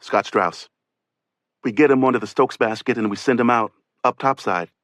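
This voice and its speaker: A man's voice: mid-range voice, normal speed, a bit bright, no echo. Guy reading an audiobook like he's the rescuer telling it, plain voice, dead dry booth sound. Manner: voices witness testimony in first person, conversational. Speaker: audiobook narrator. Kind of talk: oral history audiobook reading.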